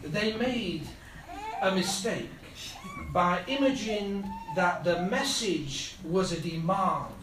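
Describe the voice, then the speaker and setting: A man preaching a sermon, speaking slowly and building to fervent repeated appeals, at times chuckling at his own jokes. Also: high-pitched, lively intonation, background noise. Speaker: pastor. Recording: echoey hall, heard from a distance.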